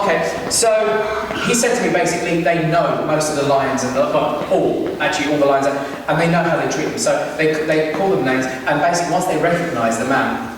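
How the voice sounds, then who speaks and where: A man doing stand-up, telling a long story in an animated way with plenty of asides and acted-out quotes. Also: on the high side. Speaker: stand-up comedian. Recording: roomy hall, distant mic, faint noise.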